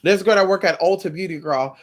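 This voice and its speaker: A fast-talking woman with a fairly low voice and a slight lisp hosts casual reaction commentary aimed right at the viewer. She's sassy and lively, stretching out the word "girl."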